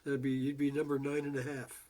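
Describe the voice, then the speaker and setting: A man's voice: mid-range voice, monotone, brisk, dark tone, rough recording. A man hosting an online music gathering, thanking performers and calling the next one up. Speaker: host. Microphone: video call.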